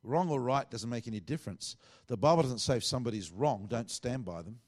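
A middle-aged Australian pastor preaches a sermon in a medium-pitched, darkish voice, speaking a little fast. He tells a story packed with quoted dialogue.

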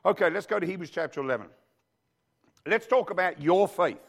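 A man's voice: sits high, lively intonation, fairly quick, vocal fry, a bit bright. A male pastor preaching a sermon in a church, who keeps calling out to the congregation with questions as he goes. He grew up outside the United States. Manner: preachy call-and-response with the congregation.

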